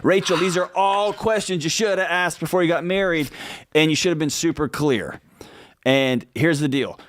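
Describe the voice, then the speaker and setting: A man talks straight and fast, answering a listener's question on a radio show. He drops into a soft, pleading hush when he plays out what the caller should say. The sound is dry and close. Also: on the high side, dry recording. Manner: direct, animated, acts out heartfelt pleas in a hushed voice. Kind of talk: radio advice show talk.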